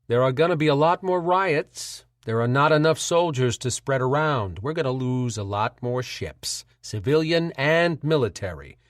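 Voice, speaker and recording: A man voicing a scheming middle-aged senator with a smooth New England accent and a patronizing manner. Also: mid-range voice, animated, normal speed, hardly any pauses, no room sound, studio quality, natural voice. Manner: smooth, patronizing, slyly mocking.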